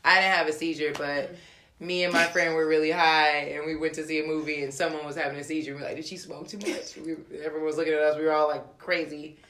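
A woman's voice: sits low, fast, reverberant. A woman in her thirties chatting casually as a co-host, telling stories animatedly and acting out voices. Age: 30s. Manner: animated storytelling, acts out voices. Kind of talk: casual chat.

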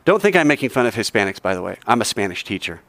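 A male teacher giving an animated classroom lecture, quizzing the class and joking as he goes. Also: fairly low pitch, fast talker, no echo.

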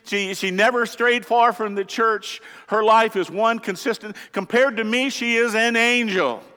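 A man's voice: high-pitched, fairly even intonation, a little slow, bright, forceful tone, clear, resonant tone. A man preaching a sermon as pastor, earnest and emphatic, asking the congregation rhetorical questions. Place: church sanctuary. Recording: church hall with long reverb.

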